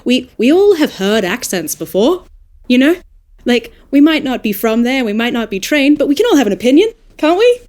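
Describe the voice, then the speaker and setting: Animated Australian woman, higher voice. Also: moderate pace. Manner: animated, thoughtful, laughs often. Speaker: podcast guest. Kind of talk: casual panel discussion.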